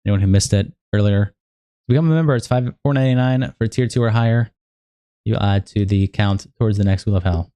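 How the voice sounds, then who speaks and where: A man's voice: fairly low pitch, fairly quick, warm tone, no room sound. A young man hosting a livestream in a loose, casual way, cursing freely as he catches viewers up on progress. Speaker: livestream host.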